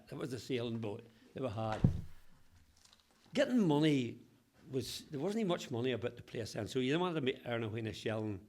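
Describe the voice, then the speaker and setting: A man's voice: mid-range voice, a little mellow. A man in his eighties from Ballywalter with a Northern Irish accent, telling local stories from his childhood with frequent chuckles and broad local dialect. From Ballywalter, Northern Ireland. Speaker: local historian interviewee. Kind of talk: reminiscing storytelling.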